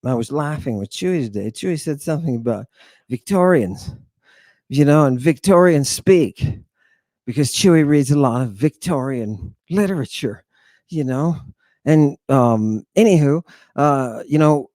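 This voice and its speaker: A man hosting an animated lecture on word meanings, talking emphatically in an excitable, jokey, irreverent way. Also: on the high side, no room sound. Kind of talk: animated lecture to an online audience.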